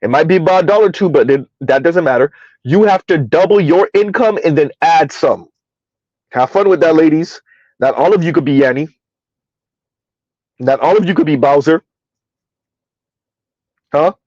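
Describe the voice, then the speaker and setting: A man hosting a casual livestream, reading numbers aloud and answering his chat in a relaxed, chatty way. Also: on the high side, normal speed, pauses often, no room sound, highs cut off. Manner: casual, chatty, addresses listeners as y'all. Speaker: livestream host.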